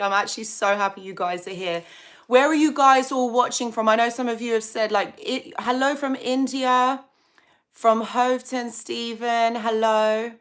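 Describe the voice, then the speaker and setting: A woman's voice: on the high side, steady tone, normal speed, fairly bright tone. Bubbly chatty woman streaming live. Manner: bubbly, chatty, greets viewers by name. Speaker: psychology channel host. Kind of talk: casual live stream chat.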